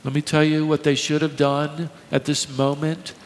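A man preaching a sermon, dramatic, swinging between quiet and loud delivery. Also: on the high side, level tone, normal speed. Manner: dramatic preaching with sharp swings in volume and pace. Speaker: pastor. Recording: echoey hall with long reverb.

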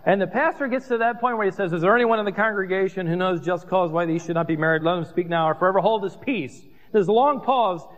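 A pastor preaching a sermon, telling stories with asides and humor. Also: male voice, high voice, fast talker, hardly any pauses. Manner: animated storytelling with asides and humor. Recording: dull reverberant hall recording.

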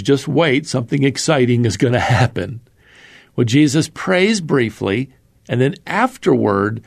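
A man teaching a sermon, earnestly reading scripture aloud with slow, emphatic pauses and calling his listeners beloved. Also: mid-range voice, creaky, a little mellow. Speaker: Bible teacher. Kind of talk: expository sermon.

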